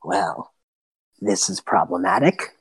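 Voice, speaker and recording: A woman voicing a scheming hag who speaks in a slow, low, threatening tone that sinks into a whisper. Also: animated, breathy edge, no room sound, exaggerated voice. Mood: menacing. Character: scheming female hag, cold and menacing.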